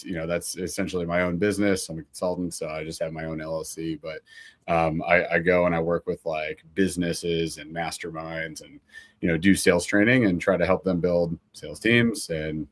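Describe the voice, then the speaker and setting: A man in his thirties from Ohio, chatting casually as a podcast guest, laughing often and joking about himself. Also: low voice. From Ohio, USA. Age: 30s. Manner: laughs often, self-deprecating, loose. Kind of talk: casual chat.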